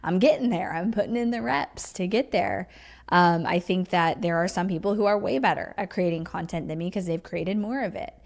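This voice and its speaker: With a lowish voice marked by vocal fry and a moderate pace, this podcast host talks solo and casually. She's chatty and emphatic, improvising in a teacherly way and leaning heavily on "like" and "you know."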